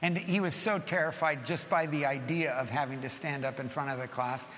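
A middle-aged man preaching a sermon as pastor, telling stories in an animated way that swings from soft to loud. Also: medium pitch, fairly quick, in a large hall.

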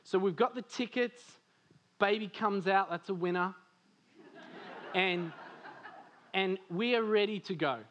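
A man from Australia preaching a sermon, animated and full of stories, laughing often and saying "like" a lot. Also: high voice, unhurried, pauses often, highs cut off, slight background noise. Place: church service.

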